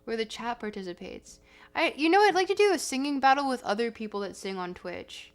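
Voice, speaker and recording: A woman's voice: fairly high pitch, animated, fairly quick. A woman livestreaming, casually chatting with her viewers in a chatty, self-deprecating way. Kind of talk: casual stream chat.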